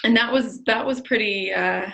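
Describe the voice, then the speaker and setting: A woman hosting a casual live-stream chat with a fellow actor, encouraging and quick to laugh. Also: on the high side, creaky, a bit bright. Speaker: host. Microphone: webcam on a live stream.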